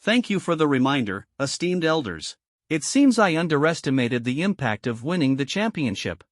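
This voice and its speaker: Man reading polite young male champion, easygoing, slightly high, lively pitch. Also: normal speed, dry recording, clean studio sound.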